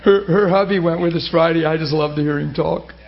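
High-voiced man preaching, lo-fi. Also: brisk, vocal fry. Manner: animated storytelling, laughing, high excited asides. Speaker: pastor. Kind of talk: sermon.

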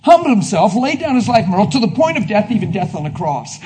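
A male preacher delivering a fervent sermon, swinging between shouted declarations and hushed, intimate asides. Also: high-pitched, very animated, fairly quick, few pauses.

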